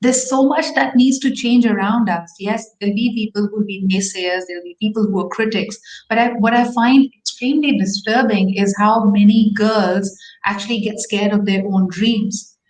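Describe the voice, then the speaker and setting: A woman's voice: mid-range voice, moderate pace, hardly any pauses, a little mellow. A woman moderating a panel, praising answers and asking guests questions. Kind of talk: live panel discussion. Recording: roomy echo.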